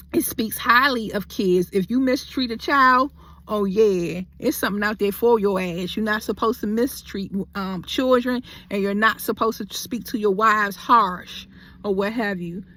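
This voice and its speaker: A woman's voice: a little high, moderate pace, a bit bright, dry recording. A young adult woman in a heated storytime vlog, talking bluntly. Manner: blunt, heavy cursing, heated. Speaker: vlogger.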